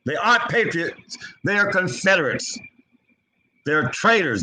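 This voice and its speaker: Guy preaching off the cuff, repeats himself a lot, voice jumps all over, kinda sharp. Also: lively intonation, normal speed, rough recording. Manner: impassioned, repetitive, swings between low and high pitch. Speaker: online preacher. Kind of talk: unscripted spiritual commentary.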